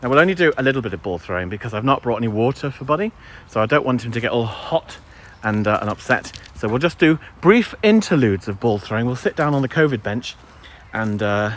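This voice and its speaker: A man's voice: mid-range voice, expressive, fairly quick, slight background noise. A man live-streaming outdoors in a wooded park on his phone, chatting to viewers and his dog. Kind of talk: casual live-stream chat.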